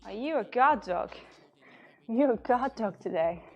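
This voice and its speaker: A woman fitness coach giving calm cues during a live-streamed workout. She laughs often and is slightly out of breath. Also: fairly high pitch, breathy edge, highs cut off. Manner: slow, calm cueing with frequent laughter.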